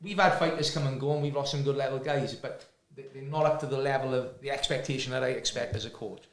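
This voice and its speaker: A man's voice: medium pitch, fairly even intonation, quick pace. A man, a fight coach, speaking earnestly and emphatically, repeating words as he makes his point. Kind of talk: casual chat. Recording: echoey room, faint noise.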